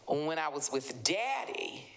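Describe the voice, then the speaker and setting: A woman from the American South, an author telling stories in conversation at a live literary event, animated and acting out the voices of people she quotes. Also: sits low, takes it slowly. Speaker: author guest. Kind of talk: conversational storytelling.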